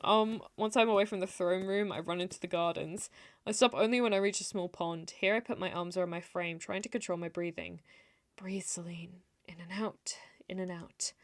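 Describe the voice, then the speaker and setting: A young woman streamer reading a story game aloud, animated, laughing and breaking off to comment. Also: lowish voice, brisk, no echo.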